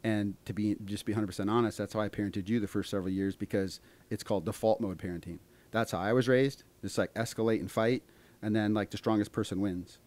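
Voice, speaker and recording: A man's voice: lowish voice, steady tone, fast talker, darkish tone. A middle-aged man hosting a podcast, earnestly explaining a parenting idea in plain, casual talk.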